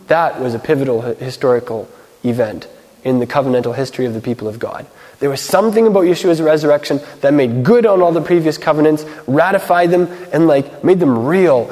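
Man, slightly high voice, mellow tone, casual sermon, filler-heavy, long hall reverb. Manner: conversational, filler-heavy, reads scripture slowly. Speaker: Messianic teacher.

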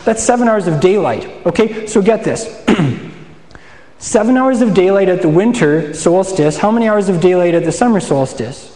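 Chatty pastor in an echoey hall. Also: male voice, high voice, lively intonation, normal speed, dark tone, slight background noise. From Saskatchewan, Canada. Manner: conversational, asks questions and answers them, frequent restarts. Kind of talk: sermon.

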